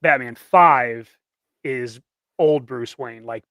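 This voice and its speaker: A man chatting casually on a livestream, relaxed and hesitant, with many ums as he explains ideas. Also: mid-range voice, slow pace, no echo.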